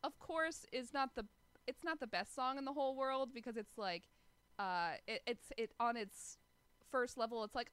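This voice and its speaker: A woman co-hosts a casual podcast chat about a TV episode, opinionated and wry, dropping in laughs and asides. Her voice is a little high with a fairly bright, smooth tone at normal speed, and the recording is dry.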